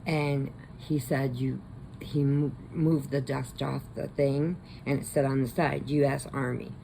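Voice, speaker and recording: A woman who hosts a crochet channel, casually retelling a horror movie in a rambling way and slipping into quick voices. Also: rumbling low, level tone, creaky, mellow, slight background noise, low-quality recording.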